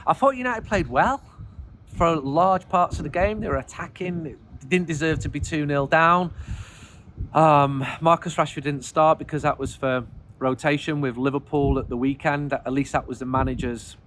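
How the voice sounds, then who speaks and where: A man's voice: fairly high pitch, moderate pace, fairly bright tone, slight background noise. A middle-aged man, a football fanzine editor, talks through player ratings outdoors on a cold, wet night, sounding frustrated and rambling. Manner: frustrated, rambling, self-deprecating. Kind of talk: casual spoken video commentary.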